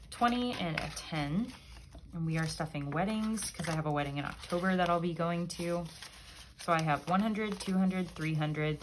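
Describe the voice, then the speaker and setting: A woman's voice: low-pitched, a little hiss or hum. A woman vlogger chatting casually and upbeat as she counts bills aloud, one by one. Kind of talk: casual chat while counting cash.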